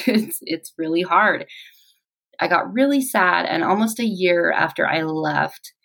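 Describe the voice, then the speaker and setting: A woman in her forties telling her personal story in an interview, reflective and halting, with pauses. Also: low voice, creaky, fairly bright tone, poor audio.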